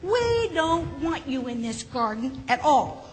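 Woman doing bossy storybook vegetables, loud, drawn out, scolding, faint hiss. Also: high voice, expressive, measured pace, pitched above the performer's own voice. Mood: angry. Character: angry, selfish garden vegetables shouting together. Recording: hall with faint background noise.

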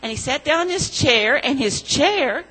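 A woman leading a children's sermon, telling a story gently and asking the children questions. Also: high voice, lively intonation, moderate pace, low-quality recording.

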